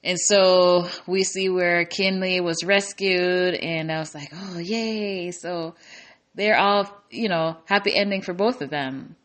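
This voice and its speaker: A woman's voice: fairly low pitch, fairly even intonation, a little slow, fairly bright tone. A woman casually recapping a war movie's plot, chatty, with many fillers, restarts and emotional asides. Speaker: movie reviewer.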